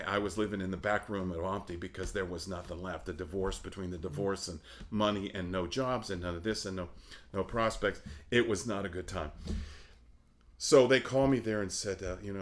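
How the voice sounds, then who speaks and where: With slight background noise, a low-pitched middle-aged man, an opera baritone guesting in a casual interview, tells stories animatedly. He acts out the voices of the people involved and laughs a lot.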